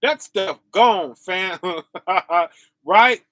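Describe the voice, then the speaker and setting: On a casual livestream, a man with a high, bright voice preaches slowly. He calls out to viewers with animated energy and laughs a lot, and the sound is dry and close with no echo.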